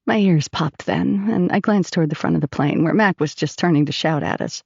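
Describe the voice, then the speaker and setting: A woman narrating an audiobook in first person, expressive and storytelling. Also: deep voice, a little fast, creaky, slightly rough, no room sound, dull audio.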